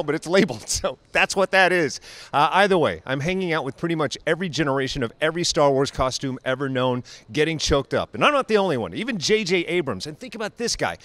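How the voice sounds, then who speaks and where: A man hosting an entertainment interview show, excitable and jokey, rambling as he introduces the guests. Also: high voice, dry recording.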